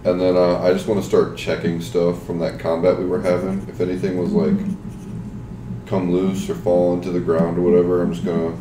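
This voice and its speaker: A man at a gaming table, speaking hesitantly with pauses and fillers. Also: low-pitched, recorded from a distance. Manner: slow, halting, hesitant. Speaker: player. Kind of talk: casual chat at a gaming table. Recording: echoey room with steady noise.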